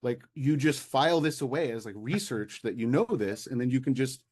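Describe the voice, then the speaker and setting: An American man talking as a guest in a casual interview, animated and exasperated, with many restarts and fillers. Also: medium pitch, fairly quick. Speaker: local party official, guest.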